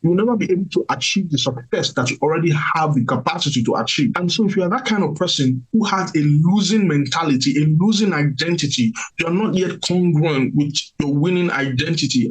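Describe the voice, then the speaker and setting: Husky-voiced man giving emphatic motivational talk. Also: fairly high pitch, a little fast, few pauses, low-quality recording. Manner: emphatic, repeats key phrases. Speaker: motivational podcast host. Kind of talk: motivational sermon-style talk.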